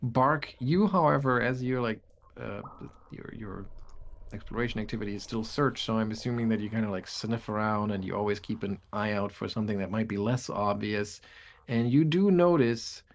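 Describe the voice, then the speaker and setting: A man narrating as game master of a tabletop game, describing rooms in a relaxed way with frequent fillers. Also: on the low side, moderate pace, a little hiss or hum.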